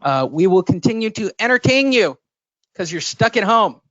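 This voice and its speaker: High-voiced joking male podcaster, dull lo-fi sound. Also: big pitch swings, normal speed, fairly bright tone, no room sound. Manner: profane, joking storyteller. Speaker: podcast co-host. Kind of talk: casual chat.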